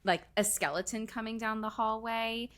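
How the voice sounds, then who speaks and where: A woman co-hosting a horror podcast, telling stories in animated casual chat with lots of "like"s. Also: on the high side, moderate pace. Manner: animated storytelling, many "like"s. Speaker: podcast co-host.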